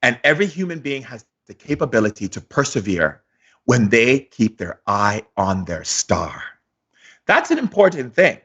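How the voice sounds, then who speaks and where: A man giving a daily spiritual lesson as a shaman, speaking theatrically with slow pauses and acted-out dialogues. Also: mid-range voice, a bit bright, lo-fi sound.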